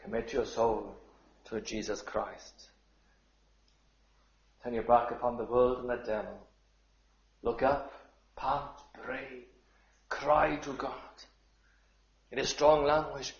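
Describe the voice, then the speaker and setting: Man, preacher, sermon, slow deliberate delivery, roomy church sound. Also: medium pitch, fairly even intonation, dull audio. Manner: slow and measured, building to fervent appeals.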